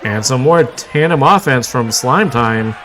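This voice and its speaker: A man doing live play-by-play commentary on a wrestling show, excitable, with frequent exclamations and wry asides. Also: mid-range voice, a little slow, poor audio. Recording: clear crowd noise and background noise.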